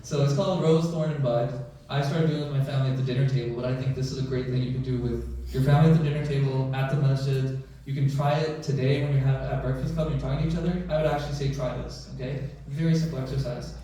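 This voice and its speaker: In an echoing, large mosque prayer hall, a physician talks to the audience in a chatty way, repeatedly checking in with "right?" and "you know." He's a fast talker with hardly any pauses, mid-range and warm, and fairly even in intonation. His voice sounds far off.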